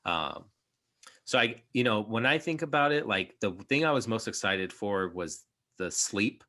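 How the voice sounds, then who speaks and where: A man's voice: fairly low pitch, expressive, measured pace, sharp tone. A young man hosting a podcast, chatting casually and rambling with lots of fillers and restarts. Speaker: podcast host. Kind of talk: casual chat.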